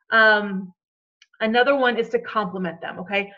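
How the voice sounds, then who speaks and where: A woman's voice: mid-range voice, normal speed, bright, forceful tone, dull audio. A woman coaching her team on a call in a chatty, encouraging way, checking in often with "okay?".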